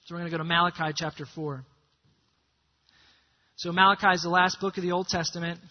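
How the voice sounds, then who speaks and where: A man's voice: high voice, little pitch movement, fairly quick. A man preaching a sermon, teaching with energy and getting the congregation to repeat words after him. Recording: muffled lo-fi sermon recording.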